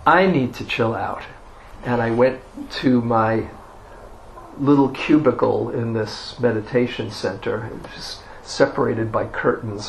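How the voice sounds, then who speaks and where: A man giving a dharma talk as a meditation teacher, telling a personal story in an unhurried way with self-deprecating humor. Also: medium pitch, creaky, a little hiss or hum, rough recording.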